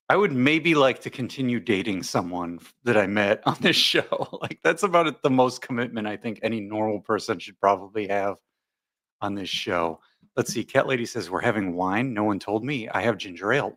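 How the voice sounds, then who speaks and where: A man hosts a casual live stream, reading viewer comments aloud and rambling chattily with frequent laughter. His voice sits at medium pitch with a fairly bright tone.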